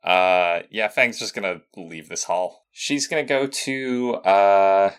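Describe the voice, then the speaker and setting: Hesitant player at a tabletop game. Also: male voice, low voice, takes it slowly, clean tone. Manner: hesitant, playful, stumbling restarts. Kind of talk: tabletop role-play chat.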